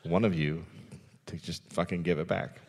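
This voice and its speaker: A man's voice: low-pitched, steady tone, normal speed, vocal fry, darkish tone, long reverb tail. A man telling a story on a live comedy podcast on stage, dry and sardonic.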